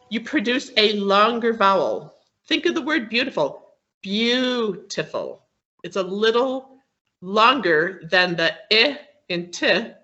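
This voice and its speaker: A woman's voice: medium pitch, pushed and bright. A woman teaching word stress as a guest on a video call, explaining patiently and checking in often with her students. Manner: patient, explains step by step with frequent "okay?" checks. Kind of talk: online English pronunciation lesson. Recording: dull lo-fi video call audio.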